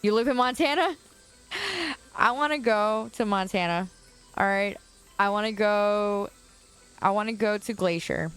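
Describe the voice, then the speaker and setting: A young woman from the Chicago area livestreams from a suburban curb outdoors. She talks at a middle pitch, chatty and loose, breaking into laughs as she answers her viewers. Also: measured pace, long pauses, fairly bright tone, smooth, faint music behind. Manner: chatty, laughs often, answers chat comments. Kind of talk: casual chat with viewers.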